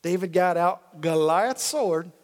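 A man preaching a sermon in a church, retelling a story with animated, casual, slangy delivery, in an echoey hall. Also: sits high, slow pace. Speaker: pastor.

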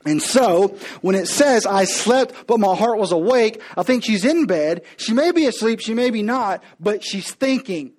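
A man preaching a sermon with humor, telling the story playfully and acting out the characters in quick voices while speaking to the congregation. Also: sits high, expressive, a little mellow. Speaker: pastor.

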